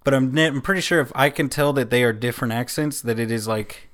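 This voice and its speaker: An American man trades jokes on a casual movie podcast, his voice sitting in an ordinary middle pitch. He teases his co-host and rambles through asides. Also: fast talker, fairly bright tone. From United States. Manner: teasing, joking, rambling.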